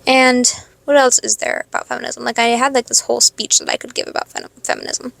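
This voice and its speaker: A high school senior girl in her late teens, rambling casually in a stream-of-consciousness monologue, swearing freely and second-guessing herself. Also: little pitch movement, brisk, vocal fry, a bit bright, dry recording. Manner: rambling, swearing, self-questioning. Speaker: podcast host.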